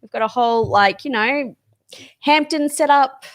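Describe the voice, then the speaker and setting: A young woman co-hosts a relaxed podcast chat. She is giggly and makes fun of herself, and her voice sits a little high for a woman. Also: moderate pace. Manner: giggly, self-mocking, chatty. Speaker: podcast co-host. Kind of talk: casual chat.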